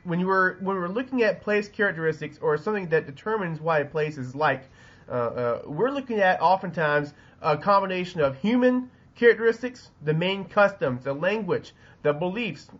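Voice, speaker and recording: A teacher with a Southern US accent gives a recorded geography lesson over a webcam, rambling with lots of ums and restarts. His voice is high with lively intonation and a fairly bright tone, at a moderate pace, and the highs are cut off.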